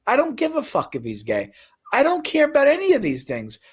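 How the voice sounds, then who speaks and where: A man's voice: very high voice, huge pitch swings, a little fast, husky. A man ranting on a livestream about being fired as a cashier, profane and acting out the voices of the people he quotes. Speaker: fired store cashier telling his story.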